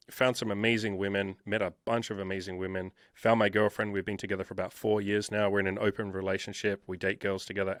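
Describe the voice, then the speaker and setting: A man in his thirties recounts his past in a casual interview. He talks emphatically and swears often. His voice sits a little low and sounds dry, close to the mic. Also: a bit bright, dry recording. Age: 30s. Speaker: guest.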